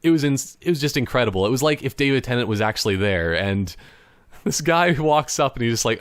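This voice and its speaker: A man's voice: mid-range voice, expressive, a little fast, no echo. A young man from Canada hosting a solo podcast in casual chat, rambling and laughing often, now and then slipping into playful impressions, talking at his computer. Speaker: podcast host. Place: indoors at a computer.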